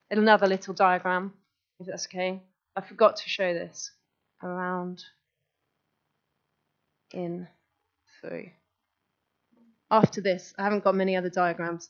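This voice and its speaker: A woman speaking to a gathered audience in a keen, conversational way, often breaking off and restarting her thoughts. Her voice sits at an ordinary middle pitch. The recording is dull and lo-fi. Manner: enthusiastic, chatty, quick restarts. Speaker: guest speaker. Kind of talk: live talk to an audience. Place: meeting room with audience.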